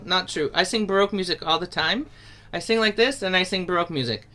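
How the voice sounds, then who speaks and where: A woman teaching a folk carol over a video call, talking through each step and breaking into loud open-throated singing. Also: lowish voice, fast talker. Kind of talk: online singing lesson.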